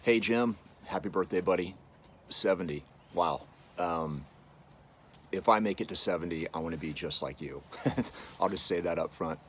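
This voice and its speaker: Deep-voiced man, earnest and halting. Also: fairly bright tone, a little hiss or hum. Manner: earnest, halting, with repeated words. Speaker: friend giving a birthday message. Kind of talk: heartfelt video message.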